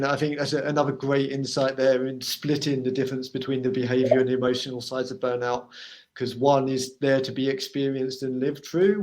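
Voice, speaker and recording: A man's voice: medium pitch, a little mellow. A man moderating an online webinar, briefly summing up the speaker's points before launching a poll. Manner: upbeat, brief, hands off to polls. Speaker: webinar host. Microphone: video call.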